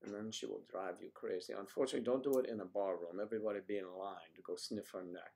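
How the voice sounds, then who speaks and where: A man's voice: on the low side, steady tone, fast, dark tone. A man hosting a casual livestream, musing aloud and joking as he reads out viewer comments. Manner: rambling, joking. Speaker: livestream host.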